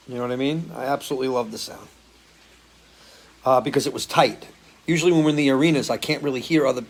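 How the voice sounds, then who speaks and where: A man hosting a live stream as a musician, chatting casually and answering viewer comments, loose and swearing freely. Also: medium pitch. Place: home, living in Florida.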